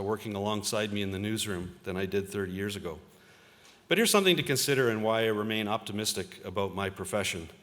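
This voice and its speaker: A man's voice: on the low side, fairly bright tone. Man speaking in a big hall. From Ontario, Canada. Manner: conversational storytelling, self-deprecating, with frequent uh fillers. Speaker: convocation speaker, journalist. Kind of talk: convocation address with personal stories. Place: large convocation hall. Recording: reverberant hall.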